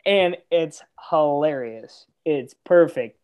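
A man's voice: on the high side, slow pace, a little mellow, clear, resonant tone. A young man on a podcast, chatting casually about comedy films, rambling with restarts, swearing and laughing often. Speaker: podcast co-host. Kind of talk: casual movie chat.

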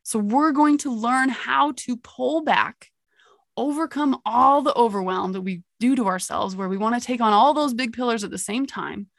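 A woman's voice: fairly high pitch, moderate pace, vocal fry, dry recording, studio quality. A young adult woman hosting a motivational podcast, telling a story with energy and laughing at herself. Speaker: podcast host.

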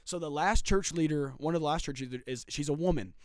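A man's voice: fairly high pitch, fast talker, no echo. Emphatic man telling a story. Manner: emphatic, repetitive storytelling with rising and falling intensity. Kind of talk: casual faith podcast storytelling.

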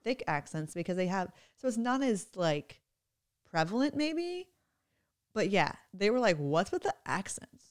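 A woman in her thirties, a mother chatting casually on a podcast, animated and often laughing. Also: medium pitch, unhurried. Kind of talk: casual chat.

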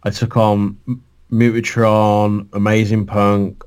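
A man's voice: on the low side, level tone, slow pace, a little mellow, clear, resonant tone. A young man, chatting casually about a fan wrestling league, swearing and laughing as he reminisces. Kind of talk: casual chat.

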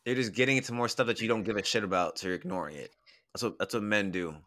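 A man's voice: lowish voice, quick pace, fairly bright tone. A young man chatting casually as a podcast co-host, blunt and teasing, with lots of profanity. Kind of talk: casual chat.

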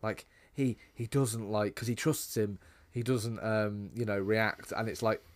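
A man's voice: fairly low pitch, steady tone, measured pace. A man co-hosting a podcast, talking casually about a movie in a dry, sarcastic way, with many ums. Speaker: podcast co-host. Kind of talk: casual movie review chat.

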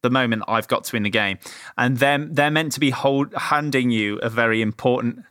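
A man talks casually, full of fillers and restarts as he circles his point. His voice is bright and forceful. The sound is dry and close. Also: medium pitch, normal speed, no echo. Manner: rambling, many fillers and restarts. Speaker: game reviewer. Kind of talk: casual chat.

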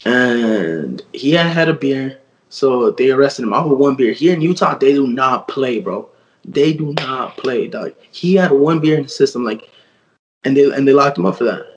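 A man's voice: medium pitch, animated, moderate pace, muffled recording. A young man in his twenties, a guest artist telling a story in casual, slang-heavy speech full of fillers and quoted dialogue.

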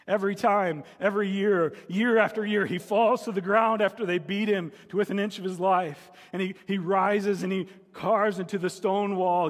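A man preaching in a church sanctuary with a long, ringing reverb. His voice sits somewhat high for a man. He tells a story and acts out anguished cries from it with rising intensity. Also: steady tone, normal speed, hardly any pauses. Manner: storytelling, rising to dramatic cries in quoted pleas. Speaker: pastor. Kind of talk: sermon.

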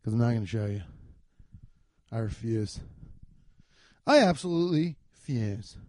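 A young man rambles through a solo podcast from his garage, cursing freely. His mellow voice swings widely in pitch, from low mutters to sudden loud bursts. The sound is close and dry. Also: unhurried, dry recording. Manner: loose, profane, rambling with frequent swearing; animated, jumps between muttering and loud outbursts. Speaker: podcast host. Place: home garage.

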